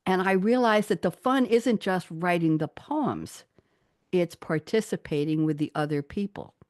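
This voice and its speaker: A woman's voice: on the low side, a little slow, dry recording, studio quality. A woman guest on an interview show, chatting cheerfully, laughing often and reading her own poems aloud. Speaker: guest poet.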